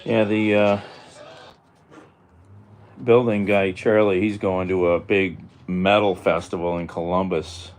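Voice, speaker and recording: A man's voice: low-pitched, a little hiss or hum. A man vlogging casually at home, rambling to himself and his cats with some mild cursing. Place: home, indoors.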